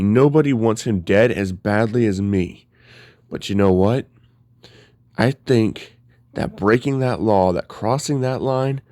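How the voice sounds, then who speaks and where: A man's voice: fairly low pitch, warm tone, no room sound, clean studio sound, natural voice. A man voicing a grim, vengeful young male hero who lectures intensely, in a storytelling retelling.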